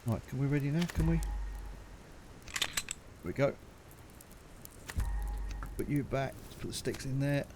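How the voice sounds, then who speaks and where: A man's voice: mid-range voice, unhurried, long pauses, background noise. A man chatting and muttering to himself as he plays a survival game, with mild swearing and asides to viewers. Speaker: gaming channel host.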